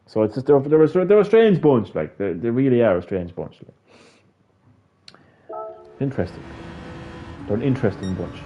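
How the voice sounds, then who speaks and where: A man's voice: medium pitch, big pitch swings, normal speed, pauses often, lo-fi sound. Tired Irish man rambling casually. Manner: rambling, swears freely, mocking quoted voices. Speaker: gaming channel host.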